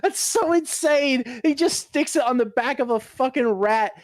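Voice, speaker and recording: A man co-hosting a casual podcast, excitable, laughing often and swearing. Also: extremely high pitch, moderate pace, dry recording. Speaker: podcast co-host. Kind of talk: casual chat.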